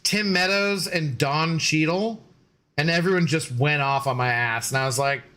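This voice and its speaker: A man's voice: a little high, normal speed, bright, forceful tone. Joking, rambling streamer man. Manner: rambling, joking, reads and answers chat. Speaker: gaming streamer. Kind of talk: casual live-stream chat.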